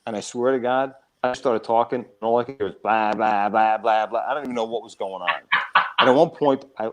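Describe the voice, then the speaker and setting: A man, a comedy club owner, telling a lively story in casual chat and acting out the other voices. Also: fairly low pitch, brisk, background noise. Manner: animated, acts out quoted voices.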